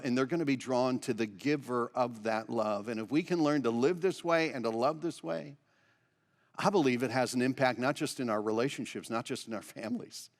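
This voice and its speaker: A man's voice: mid-range voice, long reverb tail. Man preaching a conversational sermon. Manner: earnest, conversational preaching with rhetorical questions. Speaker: pastor. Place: church sanctuary.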